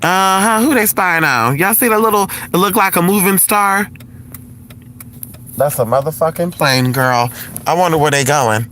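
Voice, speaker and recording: A man's voice: high voice, expressive, normal speed, a little hiss or hum. A man live-streaming from his car, chatty and flamboyant, calling everyone honey, swearing freely and gushing. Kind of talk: casual live-stream chat while driving. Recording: loud music over the voice. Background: loud music.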